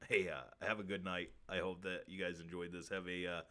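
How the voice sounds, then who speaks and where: A man hosting a crude comedy stream show, reading odd facts and pleading with viewers in a deadpan way. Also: deep voice, fairly quick. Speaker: host.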